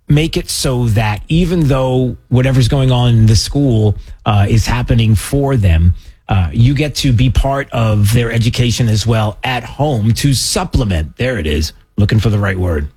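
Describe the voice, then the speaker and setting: A man's voice: medium pitch, darkish tone, breathy edge. A man hosting a talk radio show, chatting casually and rambling with a joking, self-deprecating manner.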